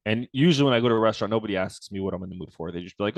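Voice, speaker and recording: A man's voice: racing, no room sound. A man, a company founder, telling a story from his own life in a casual interview and acting out the quoted dialogue. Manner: relaxed storyteller, acts out quoted dialogue with lively pitch jumps.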